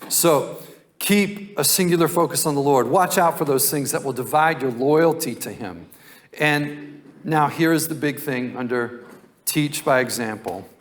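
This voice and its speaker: A man's voice: on the high side, unhurried. A male pastor preaching a sermon in a conversational, folksy storytelling way.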